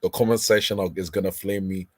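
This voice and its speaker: A man's voice: deep voice, level tone, fast talker, a little mellow, no room sound, studio quality. A man hosting a casual fan hangout, easygoing and laughing, with stammering restarts. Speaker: hangout host. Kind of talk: casual chat.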